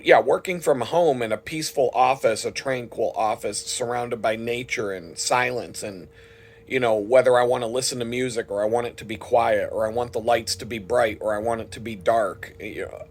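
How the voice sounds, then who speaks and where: A man's voice: medium pitch, normal speed. A man delivering an indignant, heavily profane monologue to the camera. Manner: heated and indignant, frequent swearing. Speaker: vlogger.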